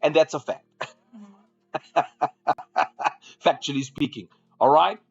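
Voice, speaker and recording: A man's voice: on the high side, fairly even intonation, slow, vocal fry, husky, muffled recording. A man hosting a live trading room, giving market commentary and often repeating phrases to draw viewers along.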